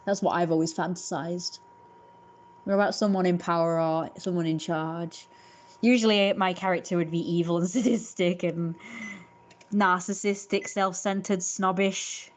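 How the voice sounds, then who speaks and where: A woman's voice: fairly low pitch, fairly even intonation, moderate pace. A young woman rambling casually to her livestream viewers, full of fillers and restarts. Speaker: livestream host.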